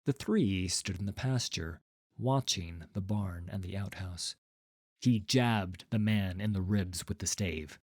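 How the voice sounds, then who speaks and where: A man narrating a fantasy story in a slow, measured storytelling manner. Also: deep voice, a little mellow, no echo, clean studio sound. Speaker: audiobook narrator. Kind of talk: scripted narration.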